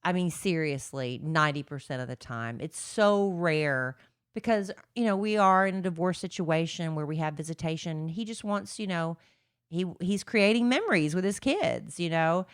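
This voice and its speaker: A woman's voice: fairly low pitch, normal speed, smooth, dry recording, clean studio sound. A woman co-hosting a podcast, chatting in an earnest way. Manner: earnest, chatty, says y'all. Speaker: podcast co-host. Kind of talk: casual chat.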